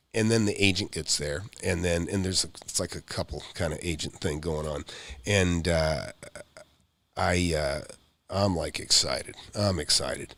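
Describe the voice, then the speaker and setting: A middle-aged man, a real estate investor hosting a live show, telling a story in an animated, rambling way with quick asides. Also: on the low side, vocal fry, no echo.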